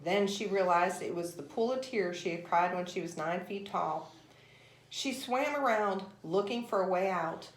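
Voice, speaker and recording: A woman reading a children's story aloud in a gentle, measured way. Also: lowish voice, a little hiss or hum. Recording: roomy echo.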